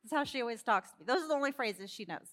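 A woman preaching a sermon in an animated storytelling way, acting out characters and laughing along. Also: fairly high pitch, rapid-fire.

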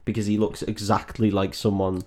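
A man's voice: on the low side, little pitch movement, moderate pace, darkish tone. A man co-hosting a comedy podcast, recapping a film in a rambling way, laughing and swearing often. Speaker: podcast co-host.

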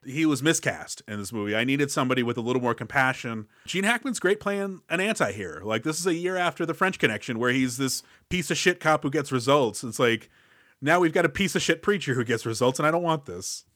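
A man gives blunt, sarcastic opinions on a film as co-host of a casual podcast. He throws in quick mock quotes to make his point. His voice is at a middle pitch, with a dry, close sound. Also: animated, a bit bright, dry recording. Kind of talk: casual movie review banter.

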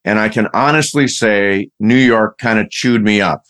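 A man's voice: on the low side, moderate pace, fairly bright tone. A man hosting a podcast, who leads into his interview questions with personal asides. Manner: chatty, personal lead-in to questions. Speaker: podcast host.

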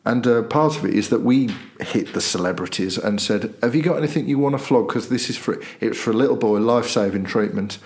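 A man's voice: mid-range voice, a little fast, few pauses. A man, a newspaper editor hosting a local podcast, telling a long anecdote in casual chat and acting out the voices of the people in it. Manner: animated storyteller, acts out voices in quotes.

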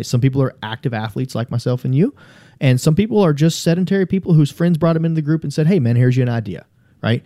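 Man, podcast guest; warm low-toned delivery, cusses casually, rambles earnestly through stories. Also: dry recording, clean studio sound. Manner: swears freely, rambling and earnest. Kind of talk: casual conversational storytelling.

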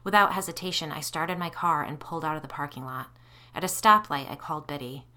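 Low, bright-voiced woman narrating a story. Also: fairly quick. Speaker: podcast host and narrator. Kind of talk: scripted first-person story narration.

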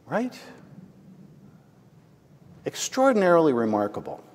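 A man's voice: on the high side, huge pitch swings, measured pace, darkish tone, a little hiss or hum. A man preaching a sermon as the pastor, telling a story and asking the congregation "right?". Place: church. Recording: long hall reverb.

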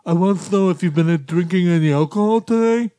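A man putting on an impression of a celebrity police officer, speaking slowly and overly politely. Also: sits high, warm tone, smooth, dry recording, lightly acted. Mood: mock-stern. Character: impersonated hard-of-hearing male celebrity cop, slow and deliberate.

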